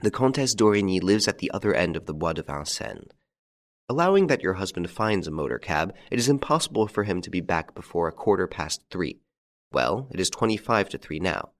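A man playing a calm, masterful gentleman rescuer, courteous and commanding. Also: low voice, brisk.

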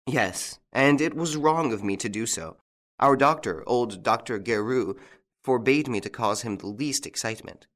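A man's voice: medium pitch, moderate pace, fairly bright tone, pitched above the performer's own voice, lightly acted. A man voicing a frightened young French lady. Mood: earnest. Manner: anxious, breathless and pleading. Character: frightened young French woman of a country estate.

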